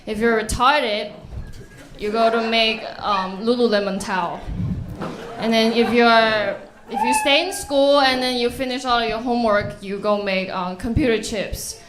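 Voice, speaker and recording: A woman's voice: fairly high pitch, noisy background. Nervous woman doing stand-up. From Taiwan. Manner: nervous, halting, lots of ums. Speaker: open-mic comedian. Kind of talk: stand-up set. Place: comedy club stage. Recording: echoey club with audience.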